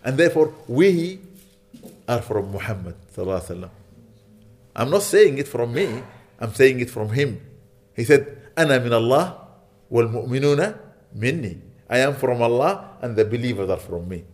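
A man delivers an earnest sermon inside a mosque, at an ordinary middle pitch. He drives his points home by repeating them and keeps checking in with the congregation. He slips easily into Arabic phrases and recitation. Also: animated, brisk, darkish tone. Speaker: preacher.

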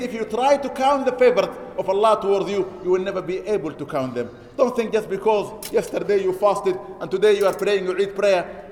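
A high-pitched man preaches quickly and emphatically, reciting Arabic quotes and then explaining them. His voice carries a long, echoing reverb, the sound of a mosque hall. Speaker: imam preaching an Eid sermon. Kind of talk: sermon. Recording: echoey hall.

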